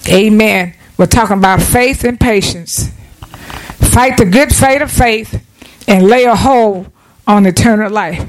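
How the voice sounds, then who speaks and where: A woman's voice: mid-range voice, a little slow, slight background noise, rough recording. A woman preacher delivering a down-to-earth, conversational sermon in church, calling for amens from the congregation. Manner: folksy, down-to-earth preaching with call-and-response.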